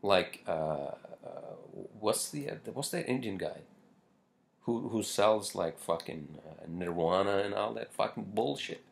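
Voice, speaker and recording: A man's voice: fairly low pitch, expressive, a little slow, creaky. A man hosting a casual solo podcast who rambles and swears often, with many fillers and restarts. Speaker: podcast host.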